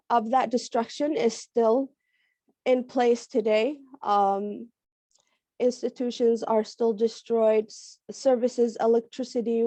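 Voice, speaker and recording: Raspy-voiced woman with a cold. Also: on the high side, mellow, no room sound. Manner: halting, with many fillers. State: hoarse from a cold. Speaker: panel speaker. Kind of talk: online panel talk. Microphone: video call. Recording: dull lo-fi video call audio.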